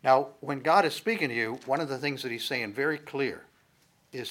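A male pastor teaching a sermon from the Bible in a conversational way, building to loud, emphatic stresses on key words. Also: mid-range voice, lively intonation, normal speed.

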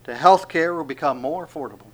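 A man preaches a sermon at a quick pace in a voice on the high side, swinging between loud proclamations and hushed asides. He acts out the speech he quotes.

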